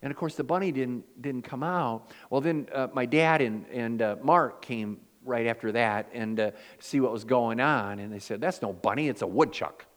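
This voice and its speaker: A man's voice: medium pitch, moderate pace, hardly any pauses. A man preaching a sermon as pastor. He tells homey stories with a folksy, self-deprecating humor. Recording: long hall reverb.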